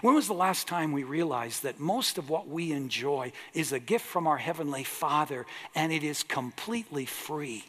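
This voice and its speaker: A man's voice: a little high, lively intonation, moderate pace, hardly any pauses, a bit bright. A man preaching a sermon as pastor, earnest and emphatic, drawing out his key words. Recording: long echo of a large hall.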